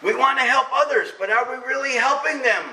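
A middle-aged man preaching a sermon as pastor, emphatic, swinging between loud preaching and soft confiding. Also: very high voice, brisk, distant mic, slight background noise. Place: church sanctuary. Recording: echoey church hall from off-mic.

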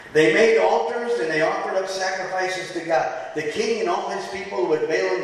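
A man preaching a sermon in a church, telling the story animatedly and acting out the quotes. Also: fairly high pitch. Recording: echoey hall from far off.

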